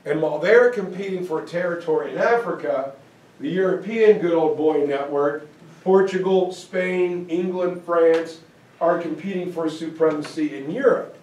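A man's voice: a little high, moderate pace, a little mellow. A man giving a casual classroom history lecture, talking conversationally with lots of fillers and check-ins with his audience. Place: lecture room. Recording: echoey room from far off.

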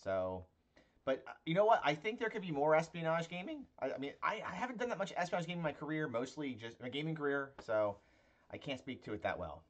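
A man's voice: fairly high pitch, very animated, fast talker, dull audio. A man with a Pittsburgh accent tinged with Philadelphia, co-hosting a casual tabletop-game podcast as game master and talking in a rambling way full of filler sounds. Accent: Pittsburgh with a touch of Philadelphia. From Pennsylvania.

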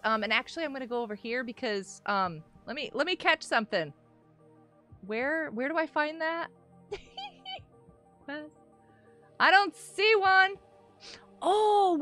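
A woman live-streaming a game, chatting excitably with viewers, greeting them by name and often laughing and gasping. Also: sits high. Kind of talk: live-stream gameplay chat.

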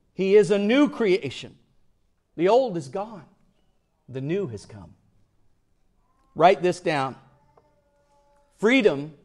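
A man preaching a sermon as pastor, swinging from loud emphatic lines to hushed, almost whispered ones. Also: a little high.

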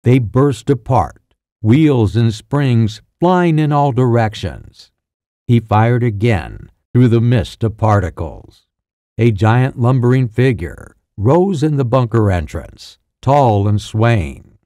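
A man reading a science fiction audiobook in steady, measured scripted narration. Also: mid-range voice, dry recording, studio quality.

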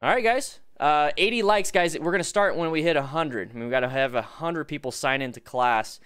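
Reviewing motorcycle videos on a relaxed live stream, a man answers viewer questions and gives riding tips, upbeat and chatty while urging the chat to like. His voice is fairly high, quick, bright and smooth, with soft music behind it.

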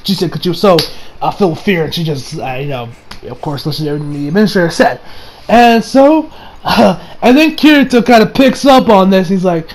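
A man giving a casual anime review, excited and rambling, who swears now and then. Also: high voice, fairly quick, slight background noise, low-quality recording.

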